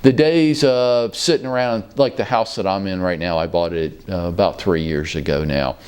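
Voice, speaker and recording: A man in his fifties hosting a casual talk show from his office, telling stories in a relaxed, folksy, chatty way. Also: low voice, moderate pace, clean tone. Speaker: real estate brokerage leader hosting a show.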